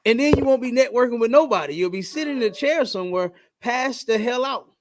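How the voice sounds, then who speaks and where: A man's voice: very high voice, lively intonation, fairly quick. A man hosting a podcast in casual chat, talking in an emphatic, preachy way and repeating his points. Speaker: podcast host.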